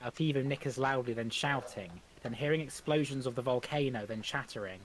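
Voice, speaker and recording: This is a man narrating the stage directions of a script in a plain, everyday voice. His reading is halting, with frequent stumbles and restarts. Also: mid-range voice, slight background noise.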